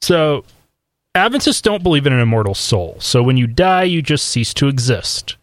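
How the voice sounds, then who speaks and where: A man's voice: medium pitch, dry recording, clean studio sound. Man co-hosting a chatty podcast. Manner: halting, filler-heavy, then steady explaining. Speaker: podcast co-host. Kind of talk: casual chat and explainer segment.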